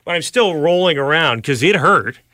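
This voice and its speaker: A man hosting a podcast, telling a funny story about his week in a casual, animated way, jumping up in pitch when he quotes other people. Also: moderate pace, dry recording, studio quality. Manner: animated, jumps high when quoting others. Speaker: podcast host.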